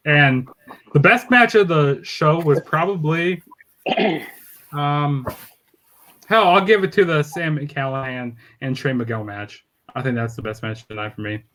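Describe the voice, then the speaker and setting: Laid-back guy talking slow on a podcast, kinda high voice. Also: fairly bright tone, slight background noise. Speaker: podcast co-host. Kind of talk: casual chat.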